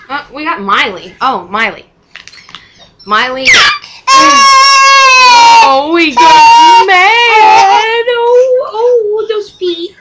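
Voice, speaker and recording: A woman's voice: medium pitch, very noisy. A young woman and mother chatting casually at home for a vlog, rambling, swearing freely and laughing often.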